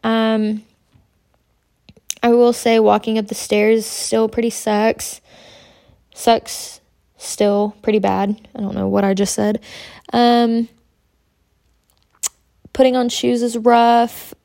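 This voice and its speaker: A young pregnant woman with a lilt chats candidly and rambles on her own podcast. Her voice has a gravelly fry running through it. The sound is close and dry, with no room around it. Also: a little high, flat delivery, slow, pauses often, mellow, no room sound. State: pregnant, about twenty-two weeks. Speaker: podcast host. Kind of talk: casual podcast chat.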